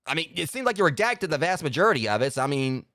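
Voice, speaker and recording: A man streaming a video game, giving sarcastic commentary and jumping high in pitch when exasperated. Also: big pitch swings, quick pace, fairly bright tone, dry recording, studio quality. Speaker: gaming streamer. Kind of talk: live gameplay commentary.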